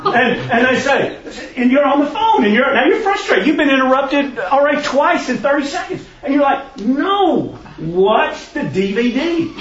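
A man's voice: extremely high pitch, expressive, moderate pace, few pauses, crowd noise. A man preaching a conversational sermon, earnest and given to restarting his phrases. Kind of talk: sermon on parenting. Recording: roomy, distant, dull sound.

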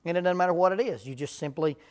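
A man's voice: sits high, rapid-fire. A middle-aged man, a preacher giving a folksy, joking talk on parenting to a live audience. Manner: humorous storytelling, deadpan jokes.

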